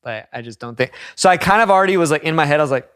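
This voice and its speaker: A man's voice: a little high, racing, smooth, no room sound, clean studio sound. A man co-hosting a casual podcast, telling a story with lots of swearing and acted-out quotes. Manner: animated storyteller, swears a lot, acts out quotes. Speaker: podcast co-host.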